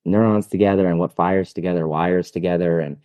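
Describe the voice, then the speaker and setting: A man's voice: low voice, brisk, no echo, dull audio. A man, a dog trainer guest, talking casually and enthusiastically in an interview. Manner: enthusiastic, animated storytelling with laughs.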